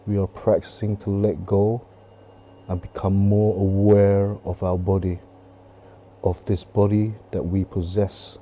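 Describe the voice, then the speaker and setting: Calm low-voiced man coaching a qigong class. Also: a little slow, slight background noise. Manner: calm, coaching with gentle repetition. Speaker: qigong instructor. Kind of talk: guided movement and breathing class. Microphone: close clip-on mic while moving.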